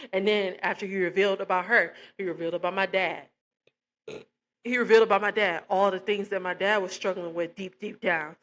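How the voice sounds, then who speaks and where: A woman's voice: mid-range voice, pushed and bright. A young woman giving a casual spoken faith testimony, full of fillers and acting out quoted dialogue as she tells the story. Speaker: testimony speaker.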